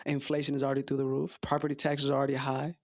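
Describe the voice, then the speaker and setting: Gravelly blunt male commentator. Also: mid-range voice, completely flat delivery, very fast, a little mellow, dry recording, studio quality. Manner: blunt, scolding, slangy. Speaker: commentary host reacting to clips. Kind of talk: reaction commentary.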